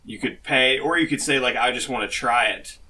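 A man's voice: mid-range voice, a little fast, bright, forceful tone, breathy edge. A man co-hosting a podcast, explaining ideas in casual, hesitant chat with many fillers. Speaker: podcast co-host.

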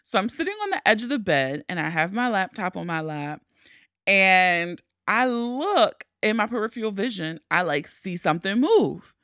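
A young woman tells a story on her podcast with a lively voice that swings widely in pitch. Her tone is bright and sharp, and she curses casually and jumps into high shrieks when she acts out panic. The sound is dry and close, with no room around it. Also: moderate pace, no room sound. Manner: animated, profane, shrieks when acting out panic. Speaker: podcast host.

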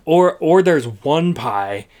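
A man's voice: fairly high pitch, lively intonation, slow, darkish tone. A man co-hosting a podcast in casual chat, talking loosely with plenty of filler words. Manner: chatty, uses many fillers. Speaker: podcast co-host.

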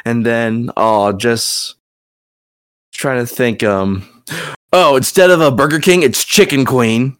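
A man's voice: medium pitch, takes it slowly, clean tone. A man with a Southern US accent hosting a casual podcast chat, rambling with many fillers and restarts. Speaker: podcast host and game master.

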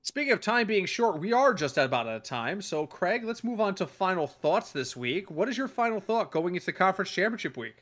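Bright-voiced animated male podcast host. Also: high-pitched, a little fast, few pauses. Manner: animated, swears, acts out quoted voices. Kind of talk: casual sports chat.

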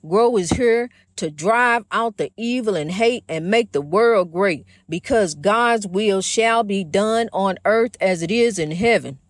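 Woman host, folksy rambling talk, preachy and spiritual, calls everyone honey, mid pitch, dry voice. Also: a little slow, few pauses, no room sound. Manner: preachy, praising God. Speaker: host of a motivational program. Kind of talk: casual spiritual monologue.

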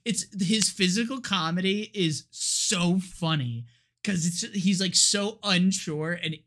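A man's voice: high voice, slow pace, sharp tone. A man co-hosting a podcast, chatting casually about a movie, laughing often and talking with lots of filler words. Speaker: podcast co-host.

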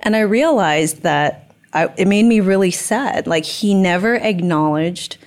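A woman's voice: lowish voice, a little slow. A young woman telling a personal story candidly in a casual podcast chat, acting out quoted dialogue.

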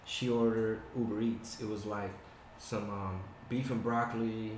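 A man chatting casually and telling stories, swearing often and animated. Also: fairly low pitch, measured pace, a little hiss or hum. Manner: profane, animated storyteller. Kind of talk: casual chat. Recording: echoey room.

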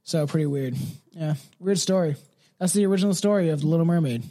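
A podcast co-host reads folklore aloud on a casual chat show, laid-back, laughing a lot and swearing freely. His voice sits on the high side with a dark tone, and he talks quickly.

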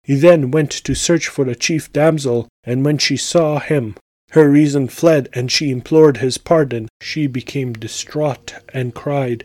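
Guy reading an old story out loud, steady, mellow dark voice, dry close mic. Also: medium pitch, unhurried, dry recording. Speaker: podcast host and reader. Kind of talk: reading aloud an old tale.

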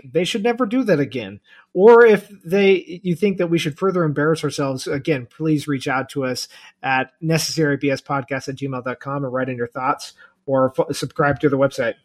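A young married man co-hosting a podcast in casual chat, speaking haltingly with many uhs. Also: a little high. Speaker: podcast co-host.

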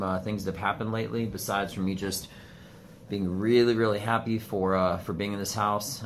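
A man vlogging from a room in his home on his phone, rambling in casual talk with lots of swearing and sudden jumps in his voice. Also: a little hiss or hum. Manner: profane, rambling, animated swings in pitch. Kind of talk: casual ranting monologue. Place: home studio room, indoors. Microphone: phone camera.

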